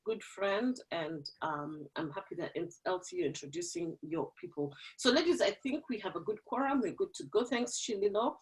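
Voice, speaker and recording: A woman hosts an online women's gathering over a video call. Her voice swoops up and down with lively energy. She is chatty and laughs easily between remarks. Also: medium pitch, moderate pace, few pauses, poor audio. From Kenya. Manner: animated, laughs often, chatty. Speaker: host of an online women's forum. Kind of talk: casual chat on a video call.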